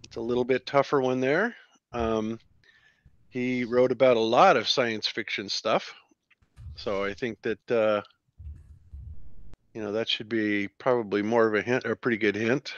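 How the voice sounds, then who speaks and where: A man hosting a trivia quiz on a livestream, chatting in a relaxed way and chuckling between answers. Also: medium pitch, moderate pace, pauses often, no room sound, lo-fi sound. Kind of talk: casual livestream chat.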